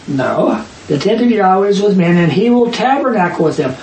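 A man leading a Bible study, reading verses aloud and arguing his points emphatically with quick asides. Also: high-pitched, expressive, a little mellow. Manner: emphatic, rapid asides, reads scripture aloud. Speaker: Bible teacher. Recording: echoey room, distant mic, faint hiss.

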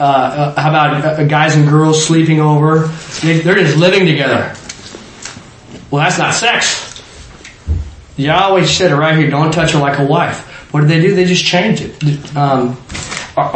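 A man's voice: fairly high pitch, fairly even intonation, normal speed. A man leading an interactive Bible study, talking conversationally, quizzing his small group and often restarting his sentences. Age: adult parent. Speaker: Bible teacher. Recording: echoey room with faint noise.

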